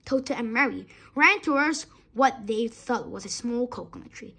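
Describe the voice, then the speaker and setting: Husky, lively woman reading a story. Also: fairly high pitch, moderate pace. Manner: expressive reading with small slips. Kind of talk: reading a children's story aloud.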